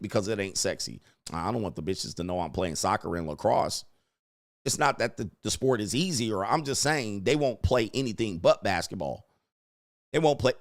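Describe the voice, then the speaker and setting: A man's voice: mid-range voice, no echo, clean studio sound. A man in his forties hosting a casual commentary monologue, riffing in crude slang and laughing often. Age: 40s. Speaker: host.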